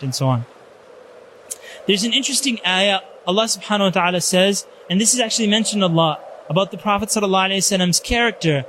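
A man giving a religious lecture, telling stories in an animated way and peppering his talk with Arabic religious phrases. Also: high voice, a little fast, a little hiss or hum. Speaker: Islamic lecturer.

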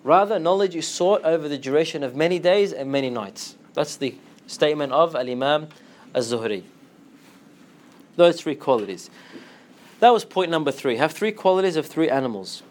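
A man giving an animated Islamic lecture, slipping into Arabic phrases and acting out quotes in a lower voice. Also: moderate pace. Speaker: Islamic teacher. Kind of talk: lively lecture to students.

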